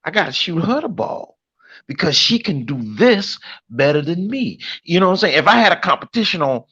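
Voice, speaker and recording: A man hosting a casual online panel talk, animated and repeating himself as he works through his point. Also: sits high, fairly quick, husky. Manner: animated, restarts and repeats often. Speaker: panel host. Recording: lo-fi online call audio.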